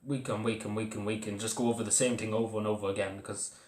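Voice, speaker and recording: Halting Irish man, low voice, echoey room. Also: level tone, a little mellow. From Ireland. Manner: halting, full of fillers and restarts. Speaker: vlogger. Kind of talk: casual personal talk to camera.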